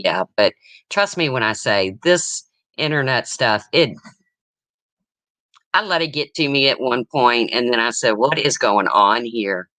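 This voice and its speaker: Older woman, livestream host, low voice often taken for a man's, bright and sharp tone, lively pitch, blunt and rambling. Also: dry recording. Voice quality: low, husky-sounding voice, often mistaken for a man's. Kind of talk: casual livestream chat.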